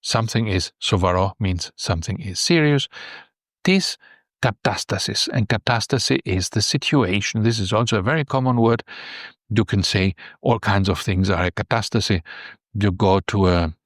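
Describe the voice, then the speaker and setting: A man's voice: lowish voice, moderate pace, no echo, studio quality. A man teaching Greek vocabulary from a news text, explaining words patiently and often checking with "right?".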